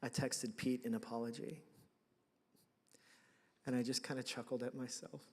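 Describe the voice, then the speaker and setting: A man preaching a sermon, telling a personal story in a lively, conversational way and acting out his own reactions. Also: medium pitch, moderate pace, husky. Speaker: pastor. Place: church sanctuary. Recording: reverberant hall.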